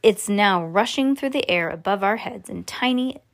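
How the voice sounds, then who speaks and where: A woman voicing an eccentric, excitable male chocolate maker, explaining eagerly with bursts of excited exclamations. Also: medium pitch, moderate pace, lightly acted.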